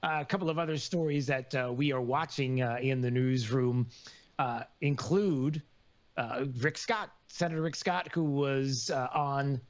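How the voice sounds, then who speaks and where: A man hosting a live radio talk show, rambling with many fillers and sudden loud outbursts. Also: mid-range voice, a little slow, lo-fi sound.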